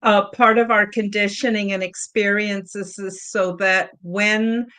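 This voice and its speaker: A woman hosting an interview podcast, speaking haltingly with many fillers. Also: mid-range voice, little pitch movement, pushed and bright, clean tone. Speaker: podcast host.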